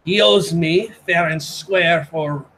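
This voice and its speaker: A man voicing a very fat gentleman with a thick French accent, haughty and self-important. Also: on the high side, takes it slowly, vocal fry, a little hiss or hum, exaggerated voice, rough recording.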